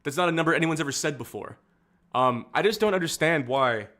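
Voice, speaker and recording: A man's voice: fairly high pitch, expressive, brisk, sharp tone. A young man streaming casual political commentary, rambling and candid, with frequent fillers and restarts.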